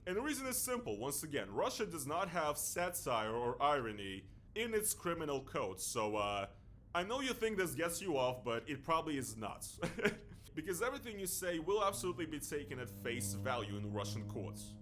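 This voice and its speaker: A man giving casual commentary with an animated, sarcastic delivery. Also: fairly high pitch, normal speed. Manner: animated, sarcastic, mock-pleading asides. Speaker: co-host commentator.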